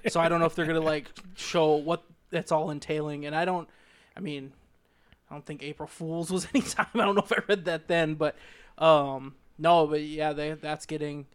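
Relaxed podcast guy, highish voice, lots of yeahs and chuckles. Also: clean tone. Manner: easygoing, agreeable, short replies and quick laughs. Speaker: podcast co-host. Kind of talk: casual chat.

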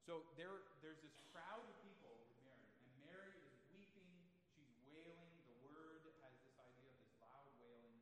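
A man's voice: a little high, moderate pace, hardly any pauses, fairly bright tone, slight background noise. A male pastor giving an expository sermon in a conversational way, asking the congregation rhetorical questions. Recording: long reverb of a large room.

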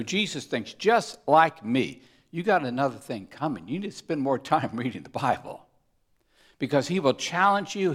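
A man preaching a sermon, swinging between loud emphatic punches and hushed, near-whispered asides. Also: medium pitch. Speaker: pastor.

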